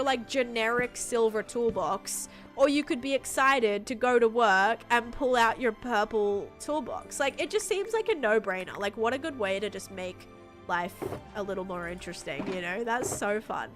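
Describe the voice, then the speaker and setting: Bubbly woman streamer chatting over music. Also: medium pitch. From United States. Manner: bubbly, chatty, reads out chat comments. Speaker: livestreamer. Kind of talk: casual live-stream chat while gaming. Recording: game music behind voice.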